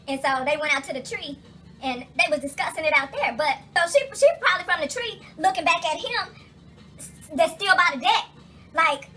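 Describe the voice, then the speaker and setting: A woman vlogging casually from her kitchen, telling stories in a profane, animated way full of asides. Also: very high-pitched, a little fast, faint music behind. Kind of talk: casual kitchen vlog chat. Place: home kitchen.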